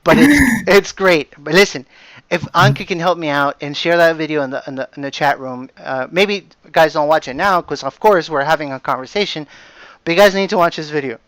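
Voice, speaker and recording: A man hosting a casual podcast chat, animated and enthusiastic, laughing often. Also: on the high side, brisk, dry recording. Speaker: podcast host.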